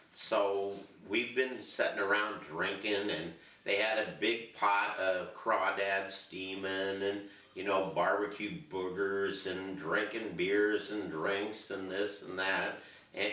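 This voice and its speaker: Older man, self-mocking storyteller; low, bright voice, roomy echo. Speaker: interviewee telling a story. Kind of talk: casual storytelling. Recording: roomy echo, distant mic.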